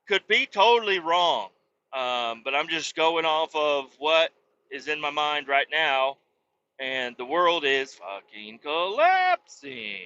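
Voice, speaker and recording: A man's voice: a little high, pushed and bright. Man, podcast host, rambling comedic rant, heavy swearing, dull lo-fi sound.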